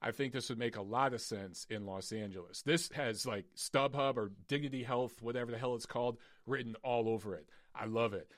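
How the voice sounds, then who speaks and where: Male live-stream boxing host, forceful and blunt, voice wearing thin, recorded in a padded home studio. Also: mid-range voice, brisk, hardly any pauses, no echo. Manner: blunt, emphatic, profane ranting. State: losing his voice.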